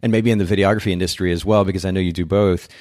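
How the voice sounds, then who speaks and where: A man's voice: sits low, steady tone, racing, darkish tone, no echo, studio quality. A man hosting a podcast in a chatty way, often restarting and rambling as he talks with his guest. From Japan. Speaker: podcast host. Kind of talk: casual podcast interview.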